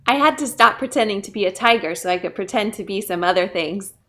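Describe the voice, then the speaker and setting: A woman's voice: mid-range voice, lively intonation, quick pace, sharp tone. A woman, a children's librarian, leading a pre-k story time and talking directly to small children in a playful, encouraging way. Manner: playful, acts out animals.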